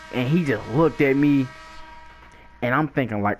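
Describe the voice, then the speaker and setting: Young man telling a lively slangy story. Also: medium pitch, moderate pace, long pauses. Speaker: gaming YouTuber. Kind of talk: storytime while playing a video game.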